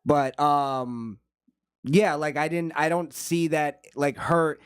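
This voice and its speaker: A man's voice: a little high, slow pace, clean tone, dry recording, studio quality. A man hosting a podcast in casual, profane, laughing chat with his co-hosts. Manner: loose, profane, laughing often. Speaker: podcast host.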